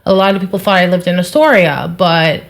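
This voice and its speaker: A woman's voice: fairly low pitch, a little fast, gravelly. A young woman from New Jersey, a podcast guest, chatting casually and saying "like" a lot. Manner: chatty, says "like" often. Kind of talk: casual chat.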